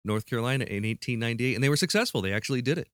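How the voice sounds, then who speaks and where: A man's voice: mid-range voice, animated, rapid-fire, a bit bright, no room sound, clean studio sound. Playful man hosting a podcast quiz. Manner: playful, restarts mid-sentence. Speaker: podcast host running a quiz. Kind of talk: casual podcast chat.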